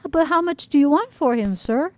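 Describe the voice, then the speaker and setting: A woman's voice: high voice, normal speed, no room sound, pitched above the performer's own voice. A woman voicing a small, eager boy who loves cats, in a storybook reading. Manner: excited and polite.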